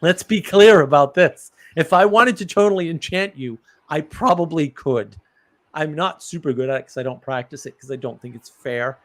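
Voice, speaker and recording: A man's voice: a little high, moderate pace, fairly bright tone. A man hosting a live stream, explaining ideas in a casual, thoughtful way with examples.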